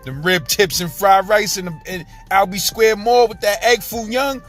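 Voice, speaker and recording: A man's voice: high-pitched, moderate pace, a bit bright, faint music behind. A middle-aged man with a New York accent, talking in a loose, slangy way as he vlogs about food on a city street. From Brooklyn, New York. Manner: streetwise slang, tags every line with "you heard?". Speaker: food vlogger. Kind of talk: casual food vlog.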